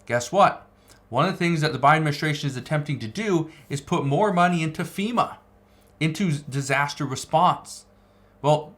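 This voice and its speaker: A man's voice: on the high side, a bit bright. Emphatic man commenting on news. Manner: emphatic, repeats key phrases. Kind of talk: news commentary reading articles.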